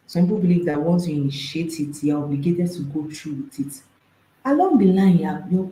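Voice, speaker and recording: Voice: mid-range voice, animated, a little fast, warm tone, echoey room, poor audio. A marriage and intimacy coach, speaking to an audience, emphatic and repeating phrases, firing off rhetorical questions.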